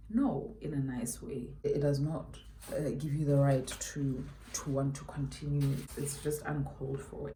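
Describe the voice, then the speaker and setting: A woman's voice: extremely low pitch, mellow, echoey room, slight background noise. A South African woman telling a story while doing her makeup, emphatic and chatty, repeating her points for weight. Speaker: beauty YouTuber.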